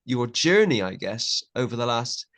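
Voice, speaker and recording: A man's voice: mid-range voice, sing-song, normal speed, a bit bright. Chatty joking male podcast host. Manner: joking, rambling, self-interrupting. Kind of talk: casual interview chat.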